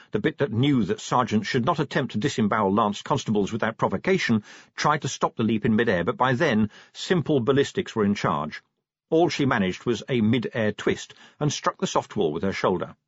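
A man narrating an audiobook with expressive storytelling and dramatic pauses. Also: mid-range voice, breathy edge, dry recording. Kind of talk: scripted narration. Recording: dull lo-fi dry recording.

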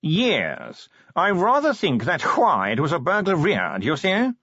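A man's voice: high-pitched, huge pitch swings, a bit bright, slightly rough, no room sound, muffled recording, voice pushed up, full character voice. A man voicing a fussy, posh male art curator who drawls as if yawning, in an audiobook. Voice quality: drawling, yawning upper-class speech. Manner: slow, dithering, condescending. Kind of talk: audiobook character voice.

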